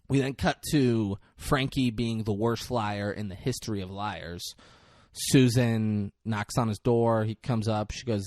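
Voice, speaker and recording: A man's voice: lowish voice, a little slow, no room sound, studio quality. A man co-hosting a casual movie review podcast, telling scenes with lots of swearing and acting out the characters. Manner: animated storytelling, swears a lot, acts out scenes. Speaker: podcast co-host.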